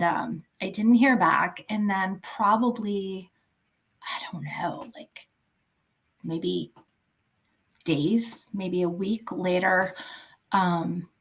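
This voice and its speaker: A woman in her fifties, a podcast guest telling a personal story in a halting, soft voice that searches for words. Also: mid-range voice, creaky. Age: 50s.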